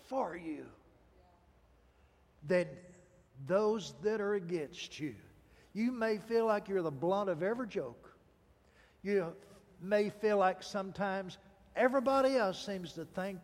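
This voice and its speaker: Male pastor, high voice, storytelling sermon, dramatic pauses, reverberant hall sound.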